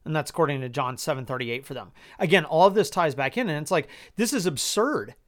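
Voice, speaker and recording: A man's voice: on the high side, lively intonation, brisk, fairly bright tone. A man hosting a personal podcast, speaking in exasperated, incredulous tones, swearing often and restarting his sentences. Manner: incredulous rhetorical questions. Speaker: podcast host.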